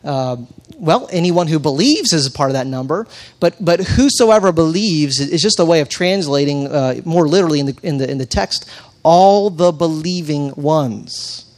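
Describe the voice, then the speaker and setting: A man's voice: fairly high pitch, expressive, normal speed. A man preaching a teaching sermon, talking conversationally with frequent restarts and reading scripture with dramatic emphasis. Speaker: pastor.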